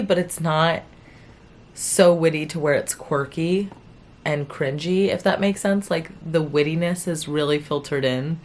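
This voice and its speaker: A young woman with a low-pitched voice talks straight to her viewers in a casual, chatty way. She is animated and laughs often as she reacts to what she is reading. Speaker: book vlogger. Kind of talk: casual chat to camera.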